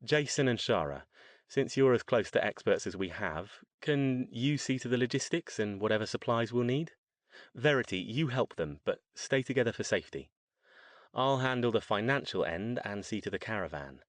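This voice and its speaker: A man's voice: mid-range voice, expressive, moderate pace, no echo, close to an everyday voice. A man doing a grim, wry sorcerer. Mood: measured. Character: grim, dry-witted male scholar-sorcerer.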